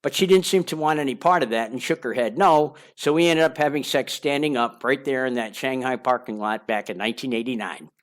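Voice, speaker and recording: A man's voice: mid-range voice, a little fast, few pauses. An older man narrating his own memoir aloud in a candid, confessional way, with wandering asides and small repeats. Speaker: memoir author reading his own book.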